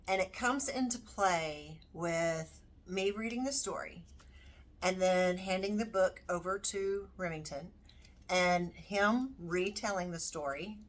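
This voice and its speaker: A woman with a slightly low voice walks through her homeschool curriculum at a slow, easy pace. She thinks aloud as she goes, filling pauses with ums and you-knows. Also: a bit bright. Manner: unhurried, thinking aloud with many fillers. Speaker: homeschooling parent. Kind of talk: casual curriculum walkthrough.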